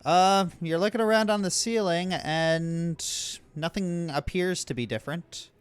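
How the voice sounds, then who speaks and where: Running a tabletop game over voice chat, this game master speaks in a smooth, high-sitting voice at a measured pace. He comes across relaxed but hesitant, filling his narration with lots of fillers.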